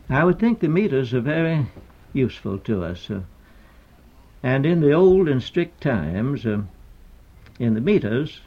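On a dull, lo-fi archival recording, an older poet lectures on meter, hesitant and deliberate, with frequent pauses and fillers. His voice is on the low side, husky and a little mellow, with vocal fry.

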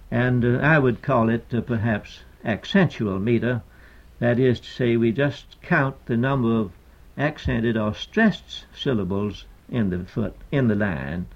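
Slow, gravelly older man lecturing. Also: on the low side, a little mellow, muffled recording. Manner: hesitant, deliberate, many pauses and fillers. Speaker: poet. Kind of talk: lecture on meter.

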